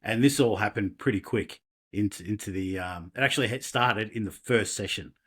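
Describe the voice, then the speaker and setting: An Australian man, a podcast guest, telling personal stories in a casual, animated way with laughs and restarts. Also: fairly low pitch, moderate pace, breathy edge. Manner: animated, laughing, self-deprecating, many restarts. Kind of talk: casual interview storytelling.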